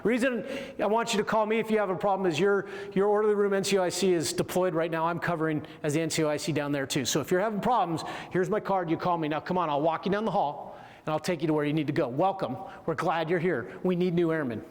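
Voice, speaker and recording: A man's voice: sits high, fairly even intonation, quick pace, long reverb tail. A man giving a motivational military leadership lecture, telling a story and often checking in with listeners by asking "right?". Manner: keeps checking in with the audience with "right?".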